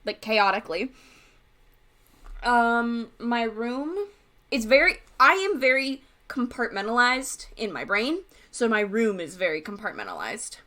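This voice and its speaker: A young woman chatting on a podcast in a bright, fairly high voice. She rambles, backtracks and restarts her sentences, casual and unpolished. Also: very animated, unhurried. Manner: rambling, self-interrupting, chatty. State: hiccuping. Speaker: podcast co-host. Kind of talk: casual chat.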